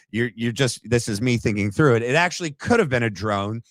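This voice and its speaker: A man's voice: mid-range voice, brisk, hardly any pauses, fairly bright tone, dry recording. A man hosting a livestream, reacting to clips in blunt, mocking casual commentary and calling people names. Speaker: livestream host.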